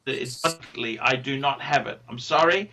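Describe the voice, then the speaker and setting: A man's voice: mid-range voice, normal speed, noisy background. A man hosting a livestream, chatting casually and reading out donations, rambling and swearing freely. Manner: rambling, effusive, swears often. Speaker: livestream host.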